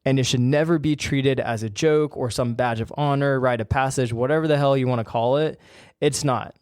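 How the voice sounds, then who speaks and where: A man's voice: medium pitch, fairly even intonation, fairly quick, darkish tone, smooth, dry recording, clean studio sound. A man hosting a podcast, talking in an emphatic, fired-up, plain-spoken way. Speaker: podcast host and ACL rehab coach. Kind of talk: casual solo podcast talk.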